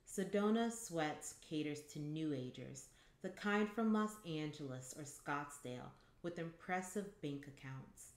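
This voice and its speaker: A woman reading a short story aloud at home in a calm, measured way. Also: deep voice. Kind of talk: audiobook-style story reading. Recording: echoey room.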